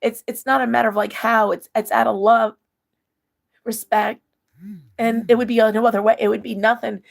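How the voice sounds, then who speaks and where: A middle-aged woman hosts a casual, emotional livestream, reading viewers' comments aloud and answering them one at a time while laughing and crying as she speaks. Her slightly high voice has a gravelly, creaky edge, little pitch movement, and a normal pace.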